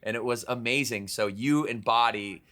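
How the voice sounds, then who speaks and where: Bright-voiced male podcast host. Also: mid-range voice, moderate pace. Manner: energetic, filler-heavy, uses "like" and "literally". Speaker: podcast host interviewing a guest. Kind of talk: casual conversational interview.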